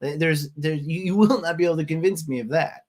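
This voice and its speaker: A man's voice: fairly high pitch, fairly quick, a little mellow. A man hosting a political commentary show, talking conversationally with pointed, sarcastic remarks. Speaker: host.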